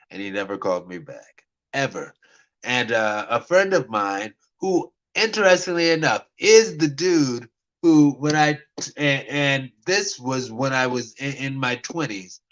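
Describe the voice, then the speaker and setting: A man talks straight to his camera in an average-pitched voice, spinning a personal story about dating. He rambles and stammers, restarts his sentences, and slips between lively bursts and quiet, mumbled asides. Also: unhurried, lo-fi sound. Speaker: vlogger. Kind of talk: casual talk to camera.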